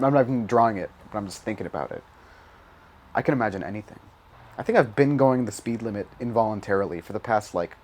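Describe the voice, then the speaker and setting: A man's voice: on the low side, a little hiss or hum. Rambling, profane young man. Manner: rambling, profane, self-mocking, laughs often. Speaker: gaming YouTuber. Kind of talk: casual gameplay commentary.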